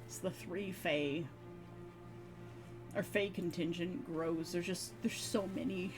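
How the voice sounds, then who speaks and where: A woman's voice: fairly low pitch, fairly even intonation, takes it slowly, pauses often. Giggly woman streamer over music. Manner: giggly, rambling, laughs often between phrases. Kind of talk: casual stream chat. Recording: background music under voice. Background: background music.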